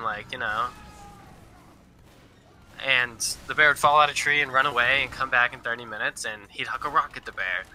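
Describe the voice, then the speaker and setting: Young male storyteller, loose and rambling, bright voice, faint background noise. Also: mid-range voice. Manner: rambling, filler-heavy, quotes people. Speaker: storyteller guest. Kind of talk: casual storytelling.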